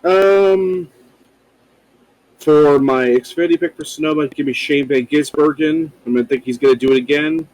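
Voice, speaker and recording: A man's voice: on the high side, normal speed, darkish tone, rough recording. Rambling man swearing on a podcast. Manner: loose, profane, rambling with fillers. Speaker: podcast co-host. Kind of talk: casual podcast chat.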